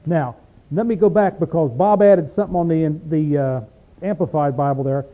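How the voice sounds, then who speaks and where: A man teaching an informal Bible study, reading verses slowly and then explaining them in a folksy, emphatic way. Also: on the high side. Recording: tinny lo-fi tape recording.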